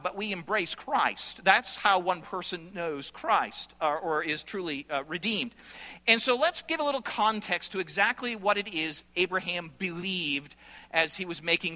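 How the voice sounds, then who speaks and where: High-voiced preacher in a reverberant hall. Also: male voice. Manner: animated preaching with sudden loud bursts. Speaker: pastor. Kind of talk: sermon.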